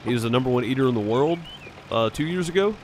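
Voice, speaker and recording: A man's voice: medium pitch, lively intonation, fast talker, slight background noise. A man telling rambling stories in casual chat while streaming a farming game. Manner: rambling, chatty, fillers and restarts. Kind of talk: casual storytelling over voice chat.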